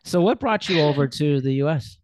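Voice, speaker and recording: An interview host chats casually and with enthusiasm, quick with compliments. The delivery is animated and swings up and down. The sound is dry. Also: mid-range voice, dry recording. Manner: enthusiastic, complimentary, laughs often.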